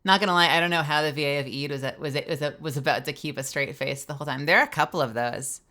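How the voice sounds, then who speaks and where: A woman voice actor chatting casually on a live stream, animated, swearing freely and explaining voice acting to her viewers. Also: low-pitched, quick pace.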